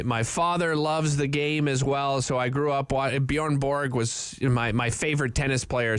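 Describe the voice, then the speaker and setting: A man's voice: on the high side, fairly bright tone, dry recording. A man hosting an open-line radio talk show, chatty and rambling, from Canada, with frequent restarts.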